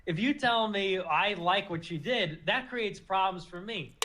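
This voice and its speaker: Male debater: measured and argumentative, with a high voice. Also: expressive, pushed and bright, slight background noise, low-quality recording.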